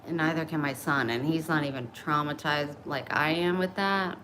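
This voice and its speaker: A woman's voice: deep voice, fairly even intonation, normal speed, fairly bright tone, a little hiss or hum, poor audio. A middle-aged woman talking bluntly and openly in a casual vlog, oversharing about her personal life. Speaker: vlogger. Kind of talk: candid casual chat.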